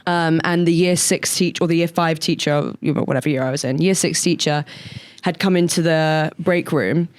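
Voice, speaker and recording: A woman's voice: deep voice, normal speed, darkish tone. A young woman co-hosting a podcast, telling stories in a chatty way with lots of "like". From England. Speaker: podcast co-host. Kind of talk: casual chat.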